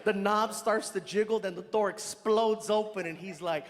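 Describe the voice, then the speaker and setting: A male stand-up comedian telling a story on stage, animated and loud, slipping into character voices. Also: high voice, moderate pace. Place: large live venue on stage. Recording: echoey hall with loud crowd.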